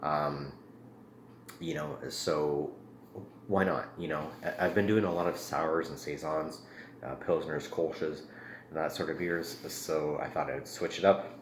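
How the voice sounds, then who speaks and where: In a rambling vlog-style beer review, a man with a very deep voice speaks with fairly even intonation and fills pauses with ums and uhs. His room is echoey, with a faint ambient hum in the background.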